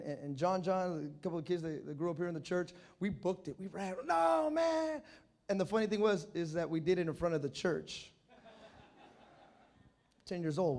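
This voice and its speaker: A man preaching a sermon, telling childhood stories and acting out the voices with shouts. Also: on the high side. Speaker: pastor. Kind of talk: sermon with storytelling. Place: church.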